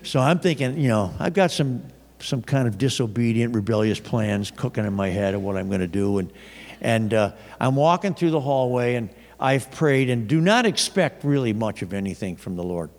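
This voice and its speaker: A man's voice: mid-range voice, normal speed. Man preaching in a reverberant hall. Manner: conversational, animated storytelling with frequent restarts. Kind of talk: storytelling sermon. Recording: long reverb of a large hall.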